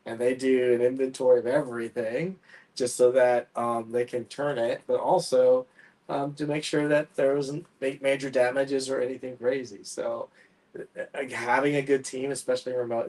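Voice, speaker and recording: A man's voice: mid-range voice, a little mellow, far from the mic, poor audio. A man on a casual real estate panel giving practical advice about property management in a plain way that trails off at the ends of sentences. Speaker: real estate agent and Airbnb owner.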